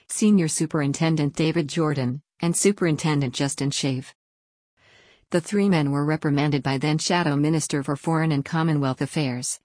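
A woman narrating a scripted news report in an even, formal read-out manner. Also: low-pitched, no room sound, studio quality.

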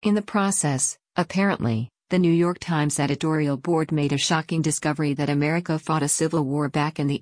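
A woman reading an opinion column aloud in a measured, sardonic way. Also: deep voice, a little mellow, no room sound, clean studio sound.

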